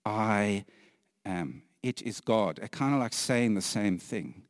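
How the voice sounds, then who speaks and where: A man preaching a sermon earnestly, repeating phrases for emphasis, sometimes dropping to a hushed whisper and laughing lightly between points. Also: fairly low pitch, expressive, moderate pace, dry recording, studio quality, long reverb tail.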